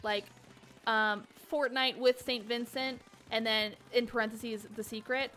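A woman chats loosely and eagerly while hosting a charity game stream. She reads donation messages out loud and riffs on them. Her voice sits a bit high. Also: a little slow. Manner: excitable, reads donations aloud. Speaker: host. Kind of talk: casual stream chat.

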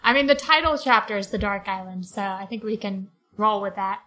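A woman's voice: medium pitch, a little fast, pushed and bright, faint music behind, low-quality recording. A woman co-hosting a podcast, chatting enthusiastically about a book with lots of 'like' fillers. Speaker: podcast co-host. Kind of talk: casual book discussion.

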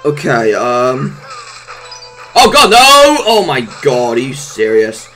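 A woman giving gameplay commentary, exclaiming and reacting loudly to what happens in the game. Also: extremely low pitch, sing-song, slow, soft background music. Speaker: let's play gamer.

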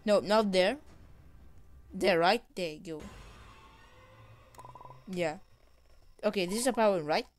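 An excitable woman narrates a game as she plays, reading the dialogue aloud. Her voice is smooth and clear, at a middle pitch. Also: a little slow, pauses often, faint music behind. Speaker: gamer. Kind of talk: gameplay commentary.

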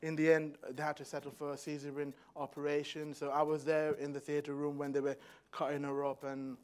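A young man preaching a sermon in a church, moving from hushed personal storytelling to loud, fervent exhortation. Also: a little high, completely flat delivery, brisk, smooth. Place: church hall.

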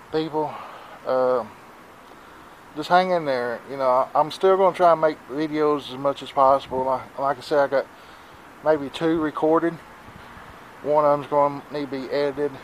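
A man's voice: medium pitch, a little hiss or hum, poor audio. A man, talking in a rambling, worried way in a casual vlog, out of breath and with a stuffy nose, recorded outdoors on a handheld camera. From Southern United States. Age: 40s. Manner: rambling, worried, plain-spoken. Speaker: vlogger. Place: outdoors in wind.

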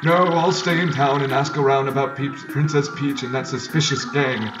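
A man's voice: medium pitch, fairly even intonation, moderate pace, close to an everyday voice. A man voicing a shriveled old male mushroom professor who lectures at length. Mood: lecturing. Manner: long-winded lecturing. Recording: distant mic with loud game music.

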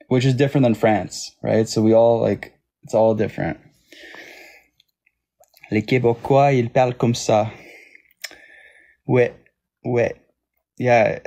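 A man's voice: medium pitch, darkish tone. A man with a Toronto Canadian accent, chatting casually on a live stream and thanking viewers by name. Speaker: livestream host.

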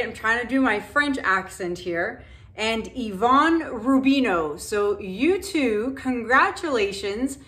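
A woman's voice: on the high side, fairly bright tone. A middle-aged woman hosting her painting channel, chatting casually and gratefully to viewers with plenty of fillers. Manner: chatty, thankful, loose with fillers. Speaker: acrylic pour painting channel host.

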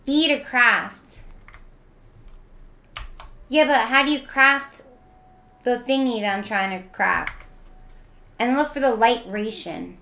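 A bubbly young woman live-streaming a game, her high, bright voice carrying a playful, chatty lilt. She talks at an unhurried pace as she answers her viewers. The sound is roomy, with an echo from the space around her. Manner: bubbly and playful, reads chat aloud.

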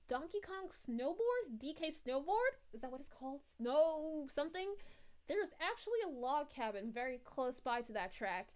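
Girl doing a giggly sweet princess, high voice bouncing all over, chatting with stream viewers. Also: big pitch swings, normal speed. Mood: chatty. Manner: bubbly, giggly, coos at viewers. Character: cheerful young adult princess, sweet and giggly. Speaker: VTuber streamer. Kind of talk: livestream chat Q&A in character.

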